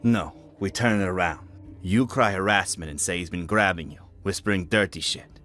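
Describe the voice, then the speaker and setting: A man's voice: low-pitched, normal speed, a bit bright. A man voicing a violent, hot-tempered scammer husband who snarls and roars threats. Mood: scheming anger.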